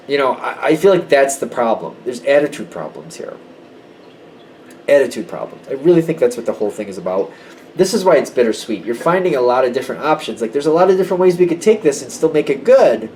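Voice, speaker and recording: A man's voice: medium pitch, very animated, fast talker, a little mellow, far from the mic, a little hiss or hum, poor audio. A man giving a casual tarot reading to camera, conversational and emphatic. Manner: conversational, emphatic, slips into quoted voices. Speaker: tarot reader.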